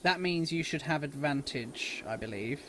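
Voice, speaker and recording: A man's voice: fairly high pitch, expressive, normal speed, noisy background. British man running a tabletop game. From Britain. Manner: thinks aloud, hesitant rulings. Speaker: dungeon master. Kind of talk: improvised tabletop game narration.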